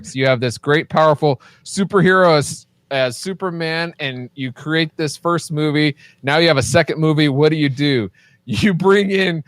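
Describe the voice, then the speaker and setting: Eager man with a fairly high voice. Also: no room sound. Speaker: podcast co-host. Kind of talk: casual chat.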